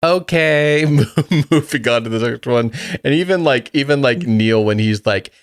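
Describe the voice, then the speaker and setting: A man's voice: medium pitch, normal speed, few pauses, clear, resonant tone, dry recording, clean studio sound. A man co-hosting a casual movie podcast, chatty and laughing often. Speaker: podcast co-host. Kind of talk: casual movie review chat.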